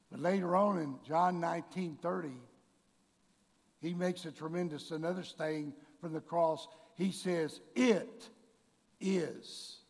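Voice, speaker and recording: A man preaching a sermon to his congregation, bursting into shouted, drawn-out emphasis and calling them folks and church. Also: fairly high pitch, creaky. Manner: addresses the congregation directly. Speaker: pastor. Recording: long reverb of a large hall.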